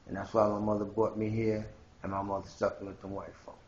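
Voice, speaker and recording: A man's voice: on the low side, completely flat delivery, a little fast, roomy sound, dull audio, slight background noise. A man from Haiti delivering a rambling, confrontational monologue straight to his viewers in a home video blog. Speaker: video blogger. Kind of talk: ranting monologue to camera.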